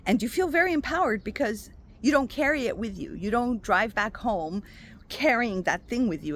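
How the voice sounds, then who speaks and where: A woman speaking as a spiritual coach and intuitive healer, giving a casual motivational talk to her viewers. She is expressive and affectionate, and calls the listener "my love.". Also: on the high side, normal speed, a little hiss or hum. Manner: animated and expressive, acts out quoted voices.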